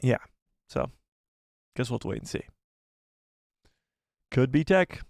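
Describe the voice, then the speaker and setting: A man hosting a casual live stream, animated and self-deprecating, who laughs often. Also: mid-range voice, unhurried, gravelly, dry recording, studio quality. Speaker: livestream host.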